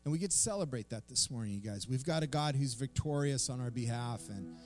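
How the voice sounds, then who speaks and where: Animated man preaching a sermon. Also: medium pitch, fairly quick, soft background music. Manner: lively storytelling, animated and self-mocking. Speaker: pastor. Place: church service.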